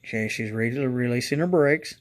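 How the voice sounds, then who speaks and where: A man hosting a casual hobby review video, talking slowly and rambling, getting excited and calling out to his viewers as guys. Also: medium pitch. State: congested from allergies. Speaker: model railroad channel host.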